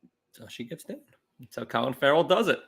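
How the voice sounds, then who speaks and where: A man co-hosting a casual comedy podcast with a raspy, gravelly voice pitched a little high. He chimes in with quick, wisecracking remarks, and his pitch moves around a lot. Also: big pitch swings, a bit bright. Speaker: podcast co-host.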